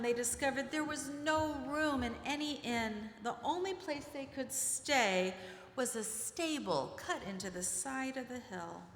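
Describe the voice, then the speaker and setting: A woman leading a children's pageant, telling the story in an animated way and directing the children as she goes. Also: high-pitched. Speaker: religious education leader narrating a pageant. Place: church sanctuary. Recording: reverberant church hall with music. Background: music.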